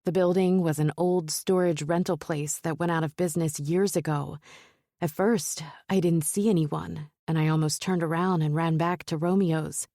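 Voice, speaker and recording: A woman narrating a romance novel in first person, in a measured, steady storytelling manner. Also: deep voice, no echo, studio quality. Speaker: audiobook narrator.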